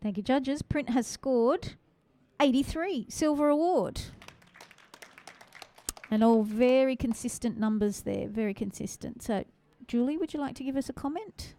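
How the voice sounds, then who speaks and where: A woman's voice: sits high, measured pace, dark tone. A woman with a Western Sydney Australian accent hosting a live-streamed photography judging, calling scores and chatting with the audience. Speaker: photography awards host.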